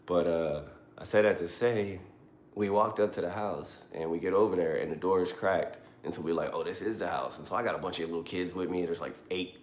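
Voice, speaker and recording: A man's voice: deep voice, steady tone, fairly quick, slight background noise. A man telling a long story in a rambling, profane, conversational way during a livestream from a car. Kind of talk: casual storytelling. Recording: roomy echo.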